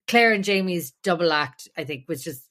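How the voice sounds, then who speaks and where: A woman's voice: lowish voice, expressive, moderate pace, fairly bright tone. A young woman co-hosting a podcast, chatting casually and rambling with many fillers and restarts. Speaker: podcast co-host. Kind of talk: casual chat.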